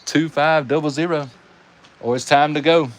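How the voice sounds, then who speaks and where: A man with a Southern American accent hosts a live stream and calls toy car races in a folksy, animated way, chatting with his viewers. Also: a little high, moderate pace. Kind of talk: live race commentary.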